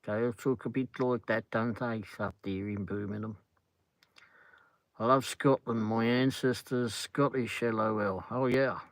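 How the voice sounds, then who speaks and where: Driving home, a middle-aged English man runs a casual livestream from his car, rambling through replies to viewer comments and saying "flipping" a lot. His mid-range voice has a clean tone and no room sound, though the audio is poor.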